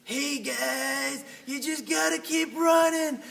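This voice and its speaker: A young man impersonating a female running coach who shouts encouragement at runners. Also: very high-pitched, slow pace, gravelly, voice pushed up, exaggerated voice. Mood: yelling, pushing. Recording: distant mic, faint hiss.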